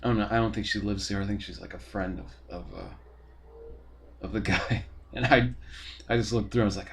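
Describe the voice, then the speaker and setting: Man, podcast host, casual rant, swears a lot, rambling, fairly low voice. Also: fairly even intonation, a little fast, creaky, long pauses, a bit bright. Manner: profane, rambling, exasperated. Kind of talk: casual ranting monologue. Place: apartment.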